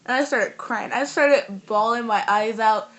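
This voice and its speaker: A teenage girl, telling a story in a casual vlog in an animated, rambling way full of fillers. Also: a little high, unhurried. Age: teens. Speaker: vlogger.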